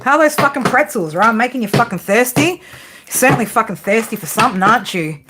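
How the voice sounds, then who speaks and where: A woman's voice: fairly high pitch, expressive, quick pace, noisy background. An Australian woman giving a casual tarot reading to her viewers, blunt, teasing and heavily profane. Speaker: tarot reader.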